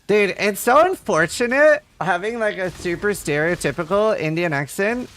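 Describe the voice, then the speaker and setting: A man's voice: high-pitched, lively intonation, moderate pace, fairly bright tone. A man streaming a game and chatting casually with viewers, rambling and full of filler words. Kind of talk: casual livestream chat while gaming.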